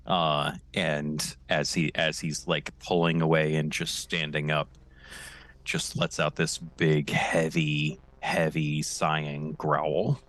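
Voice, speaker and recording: A man playing a tabletop game, speaking in a slow, halting way. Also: extremely low pitch, little pitch movement, a bit bright. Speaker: player. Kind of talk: casual tabletop game play.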